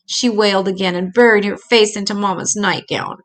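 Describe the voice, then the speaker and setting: Reading a children's picture book with hardly any pauses, an older woman moves at a fairly quick pace in a medium-pitched voice. She reads gently and expressively, like a grandmother, with small slips.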